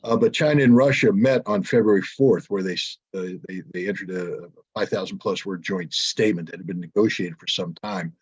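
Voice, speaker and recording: A man answering questions as a panel speaker at a press conference, measured and often pausing with fillers. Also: low-pitched, slightly rough. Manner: measured, frequent filler hesitations.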